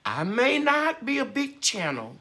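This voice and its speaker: Woman, gardening host on live chat, unhurried, heartfelt and encouraging. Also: a little high, wildly swooping pitch, bright, forceful tone.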